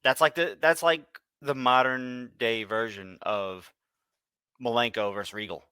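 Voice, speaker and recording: A man co-hosting a casual wrestling podcast, laid-back, with dry quick quips. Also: medium pitch, fairly even intonation, bright, forceful tone, smooth, no room sound. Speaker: podcast co-host.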